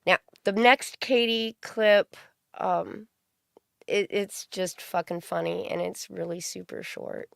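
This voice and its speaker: Woman streamer, scornful profane rant, unhurried delivery, smooth clear voice, dry sound. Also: fairly low pitch, no room sound. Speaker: commentary streamer host. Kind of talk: ranting stream commentary.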